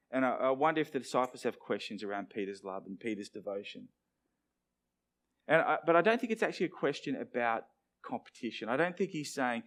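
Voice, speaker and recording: A man's voice: mid-range voice, fairly quick, creaky. A middle-aged man, preaching a sermon and acting out the lines he quotes. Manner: animated, acts out quoted dialogue. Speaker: pastor.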